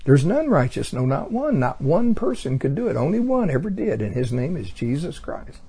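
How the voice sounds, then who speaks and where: Fervent preacher man, husky and mellow. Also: on the high side, very animated, normal speed. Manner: fervent, exclaiming praise, swinging between loud emphasis and quiet asides. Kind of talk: sermon.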